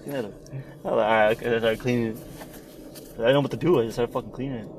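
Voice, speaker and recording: A man's voice: mid-range voice, fairly even intonation, fast talker, slight background noise. A young man in casual chat, telling a story with lots of swearing, acting out quotes and laughing often.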